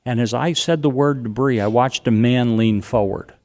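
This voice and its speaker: A man's voice: medium pitch, moderate pace, a little mellow. Man telling a vivid eyewitness story. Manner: vivid storytelling, repeats phrases for emphasis. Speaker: guest recounting a disaster. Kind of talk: first-person eyewitness account.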